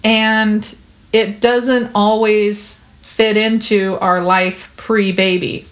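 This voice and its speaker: Woman chatting about babies, warm reassuring tone, lots of "you know" and "like". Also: mid-range voice, little pitch movement, extremely slow. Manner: earnest, reassuring, talks with many fillers. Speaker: parenting guest. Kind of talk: conversational interview.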